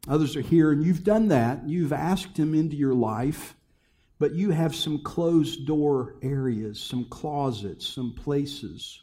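Middle-aged guy preaching, asks the crowd lots of questions, gets loud then goes real quiet. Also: a little high, takes it slowly. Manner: swings between loud exhortation and soft, hushed delivery; many rhetorical questions to the congregation. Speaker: pastor. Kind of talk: sermon.

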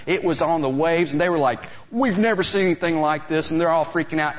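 A man preaching a sermon, retelling a story with lively delivery and acting out the voices of the people in it. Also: a little high. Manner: animated storytelling, acts out voices of the disciples. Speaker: pastor. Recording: slightly dull, lo-fi recording.

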